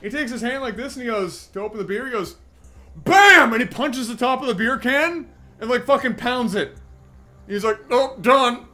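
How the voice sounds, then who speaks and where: A man from Canada with an East Coast Canadian accent, casting a game casually with excitable, joking chatter. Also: very high voice, brisk. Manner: excitable, laughs often, crude jokes. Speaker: game caster.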